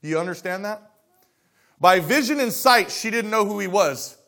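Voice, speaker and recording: Man, pastor, sermon, fairly high voice, dramatic loud-soft swings, acts out quotes. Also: expressive, moderate pace. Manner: acts out dialogue of scripture characters.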